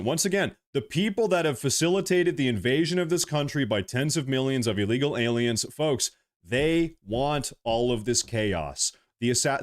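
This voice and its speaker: Agitated male livestreamer, ranting. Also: on the high side. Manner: agitated, repetitive ranting with restarts. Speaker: livestream host. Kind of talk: live-stream commentary, reading super chats.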